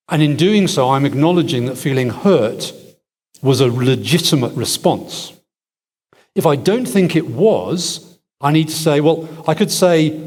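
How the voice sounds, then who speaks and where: A man's voice: fairly high pitch, lively intonation, normal speed, darkish tone. A man answering audience questions at a church event, thinking aloud with restarts and wry asides. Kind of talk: conference Q&A answers. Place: large hall with audience. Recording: echoey hall.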